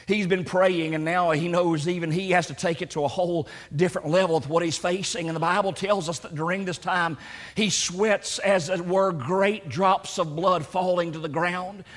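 A man preaching a sermon with passion, building to near shouts and slowing down for emphasis. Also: high-pitched. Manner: impassioned, rising to near shouts when voicing Jesus' prayer; slows down for emphasis, repeats words.

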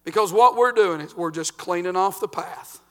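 An older man, a pastor preaching a folksy sermon that swings between loud and quiet. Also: sits high, normal speed.

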